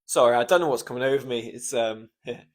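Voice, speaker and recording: A man's voice: medium pitch, fast. Emotional man on a podcast. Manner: emotional, swears often, trails off with ums. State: choked up, close to tears. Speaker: podcast host. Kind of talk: casual solo podcast storytelling.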